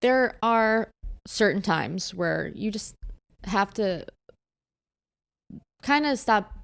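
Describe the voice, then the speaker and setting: A woman's voice: medium pitch, very slow, gravelly. A young woman co-hosting a podcast, talking candidly and acting out the people in her stories. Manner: candid, animated storyteller who acts out quoted people. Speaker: podcast co-host. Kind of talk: casual chat.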